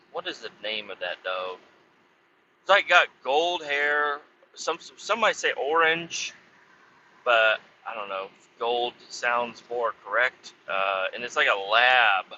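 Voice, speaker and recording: Standing outside by a road, a male podcast host speaks in a medium-pitched, bright, forceful voice as he rambles through a casual, profanity-laced story, often fixing what he just said. The audio is slightly muffled and dull, with a little background noise.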